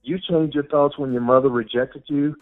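A man's voice: fairly high pitch, fairly even intonation, moderate pace, phone-quality sound, soft background music. A man hosting a podcast who tells a childhood story in a reflective way and affirms his guest often. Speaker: podcast host. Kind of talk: conversational interview.

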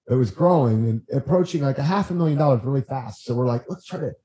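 A man guesting on a podcast, telling stories in a lively, rambling way and acting out what others said. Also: mid-range voice, fast talker, rough recording. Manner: animated, acts out quotes, frequent restarts. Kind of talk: casual storytelling chat.

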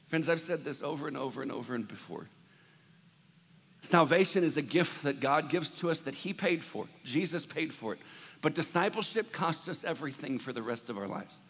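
A male pastor preaching a conversational sermon that swings from hushed, low moments to loud, emphatic ones. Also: big-room sound.

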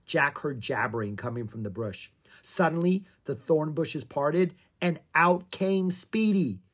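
A reader narrating a children's adventure book at an unhurried pace. The voice is soft and breathy, and the telling stays calm and even. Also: medium pitch. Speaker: audiobook reader.

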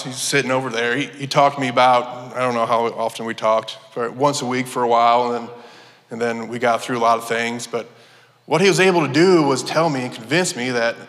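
Man, personal testimony, earnest, halting restarts, church hall, long reverb. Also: medium pitch, fairly bright tone. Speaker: church member giving testimony. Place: church sanctuary.

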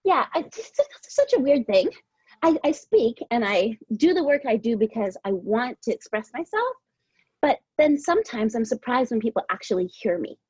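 A woman's voice: fairly high pitch, sing-song, normal speed, darkish tone, highs cut off. A woman guest on a podcast, talking in a rambling, heartfelt way, a little out of breath. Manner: rambling with many "like" fillers, heartfelt. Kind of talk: casual interview chat.

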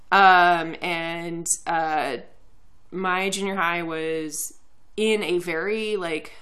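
A young woman chats on a podcast after a few drinks, with a tense, bright voice. She talks earnestly and fills her sentences with ums and restarts. Her pitch sits a little low. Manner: earnest, many fillers and restarts. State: tipsy from drinking. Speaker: podcast co-host. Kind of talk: casual podcast chat.

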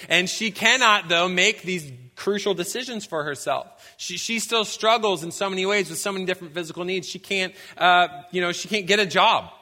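A young man preaching a sermon as a pastor, telling lively stories and breaking into shouts to act out scenes. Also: high voice, a little fast, few pauses. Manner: animated storytelling, bursts into shouts when acting out scenes. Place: church sanctuary. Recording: long hall reverb.

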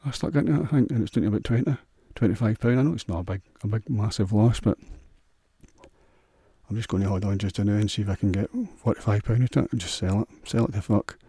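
A man's voice: fairly low pitch, quick pace, warm tone, slightly rough, dry recording, studio quality. A man with a Scottish accent hosting a solo podcast, rambling in a crude, sweary, offhand way. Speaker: podcast host.

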